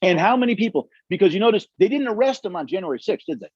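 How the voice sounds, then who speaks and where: Very fast and animated, his high-pitched voice has a darkish tone and a breathy edge. The dry recording has its highs cut off as he leads a constitution study group, emphatically telling stories, acting out quotes, and answering the audience.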